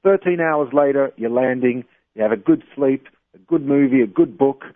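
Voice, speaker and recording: Male phone guest from Australia; tinny, dry line; measured, explanatory. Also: medium pitch, no echo. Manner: measured, explanatory, some hesitation fillers. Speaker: guest on phone, travel company owner. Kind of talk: phone interview.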